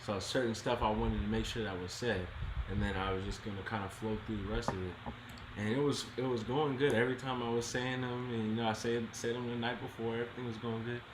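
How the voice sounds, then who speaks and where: A man's voice: medium pitch, fairly even intonation, fast. A man co-hosting a casual chat show, talking in loose restarts and laughing often. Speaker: co-host. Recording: roomy with clear background noise.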